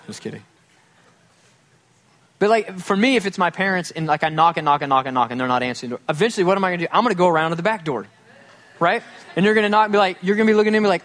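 A man's voice: high voice, quick pace, fairly bright tone. A man preaching a casual, humorous sermon to a congregation, acting out little quoted scenes as he goes. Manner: casual, joking, acts out quotes. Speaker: pastor. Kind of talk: conversational sermon.

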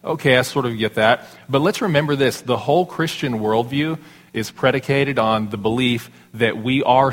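A man in his thirties preaching a sermon as pastor in a church sanctuary, conversational and self-deprecating with quick asides. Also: medium pitch, a bit bright. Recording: long hall reverb.

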